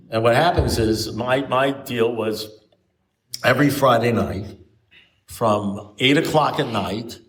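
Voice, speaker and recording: A man's voice: medium pitch, far from the mic, slight background noise. A man telling rambling stories with lots of restarts to a recovery group, recorded at a meeting. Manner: rambling anecdotal storytelling with frequent restarts. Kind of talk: storytelling talk to a recovery group. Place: meeting room.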